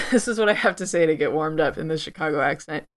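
A woman's voice: deep voice, fast talker. A woman co-hosting a podcast in casual chat, playful and swearing. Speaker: podcast co-host.

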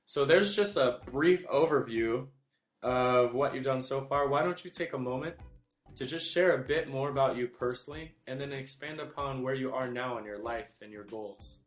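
An upbeat man hosts a sports interview podcast at a middle pitch. His voice carries a roomy echo, and faint music plays underneath. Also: normal speed. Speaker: podcast host.

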